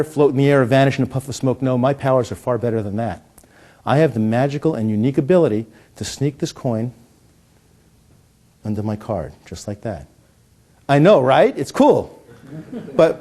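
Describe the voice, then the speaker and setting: This is comedic magic patter and teaching: a middle-aged man jokes his way through a coin trick, then explains it. His mellow, mid-range voice frequently stammers and restarts.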